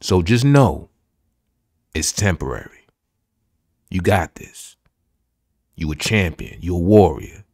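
A man's voice: low-pitched, animated, takes it slowly, pauses often, a little mellow, no room sound, studio quality. A man hosting a podcast, giving an emphatic, repetitive motivational pep talk full of slang. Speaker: podcast host.

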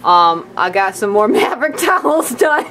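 A woman's voice: medium pitch, very animated, moderate pace, fairly bright tone, slight background noise. A woman vlogging at home in a rambling, upbeat way, using folksy slang. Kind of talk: casual chat to camera.

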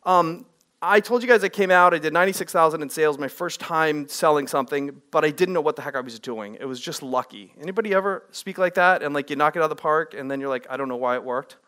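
A middle-aged man giving an energetic live workshop on speaking to a room of people, often putting questions to the audience. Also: fairly high pitch, fast talker, smooth.

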